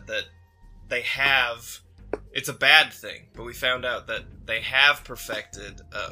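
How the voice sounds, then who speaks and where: A man's voice: mid-range voice, pushed and bright. A man playing a rambling, awkward office guy. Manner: rambling, full of fillers. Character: awkward male office worker, self-satisfied. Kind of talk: improvised tabletop role-play.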